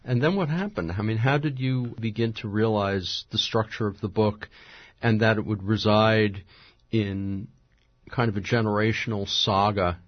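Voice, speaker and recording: A man hosting a radio interview, asking probing, measured questions. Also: on the low side, steady tone, dry recording, dull audio.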